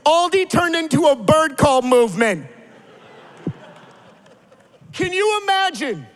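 High-voiced animated preacher man. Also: takes it slowly, big-room sound. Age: 40s. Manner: animated storyteller, builds to emphatic preaching. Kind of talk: sermon with storytelling.

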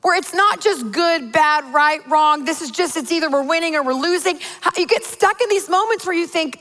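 A high-pitched woman in her forties delivers a sermon. She tells stories with lively, playful exaggeration. Her voice rings out with a long reverb, as in a large church hall. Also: normal speed, few pauses. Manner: animated storytelling with playful exaggeration. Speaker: pastor's wife preaching.

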